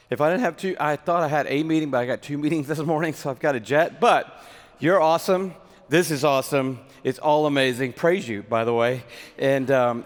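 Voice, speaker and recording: A man playing a busy, self-absorbed man who gushes over a meal and rushes off, with a long hall reverb behind him. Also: medium pitch, voice pushed down, natural voice. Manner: gushing, hurried, self-absorbed. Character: busy, distracted man rushing a meal, showing off.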